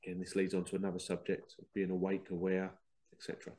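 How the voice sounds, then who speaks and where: A middle-aged man, talking in a casual, animated podcast monologue, laughing at himself and acting out remembered conversations. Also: low voice, moderate pace, long pauses. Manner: animated, self-laughing, quotes others in dialogue. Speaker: podcast host.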